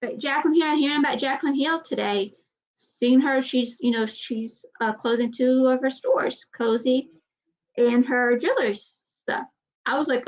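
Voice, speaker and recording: A woman's voice: high voice, normal speed, highs cut off. A woman with a light Southern US accent, chatting casually and bluntly in a rambling vlog. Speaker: vlogger. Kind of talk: casual chat.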